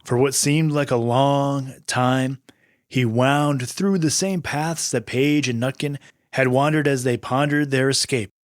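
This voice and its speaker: A man's voice: mid-range voice, fairly even intonation, measured pace, no room sound, clean studio sound. A man hosting and narrating a scripted children's adventure story, patient and friendly. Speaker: host and narrator.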